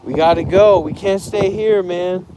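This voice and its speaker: A man's voice: sits high, unhurried. A man from America live streaming outdoors, preachy and profane, urging someone along and repeating "man.". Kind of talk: rambling live stream banter. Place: outdoors on a street. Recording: loud wind noise outdoors.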